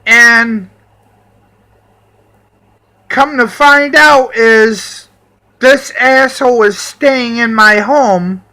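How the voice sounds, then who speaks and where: A man's voice: extremely high pitch, bright, forceful tone. A man ranting angrily about people who stayed in his home, swearing heavily and in a heated tone. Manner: profane, heated, drawn-out delivery. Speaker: vlogger. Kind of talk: angry personal rant.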